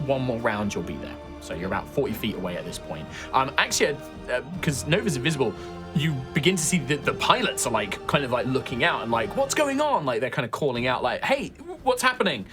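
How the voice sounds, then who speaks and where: A man's voice: medium pitch, lively intonation, quick pace, music in the background. A man running a tabletop game as game master, narrating loosely with many fillers and restarts.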